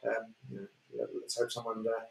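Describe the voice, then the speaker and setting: A man's voice: on the low side, completely flat delivery, moderate pace, vocal fry. Auctioneer guy rambling thru property lots, lots of ums and restarts, echoey room. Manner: chatty, hesitant, many fillers and restarts. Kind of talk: live auction show chat. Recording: roomy echo.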